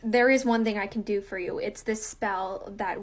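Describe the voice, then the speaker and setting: A woman voicing an offhand male sorcerer in a quiet, muttered delivery. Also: mid-range voice, fairly even intonation, normal speed, pitched below the performer's own voice, close to an everyday voice. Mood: deadpan. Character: calm male sorcerer, offhand and matter-of-fact.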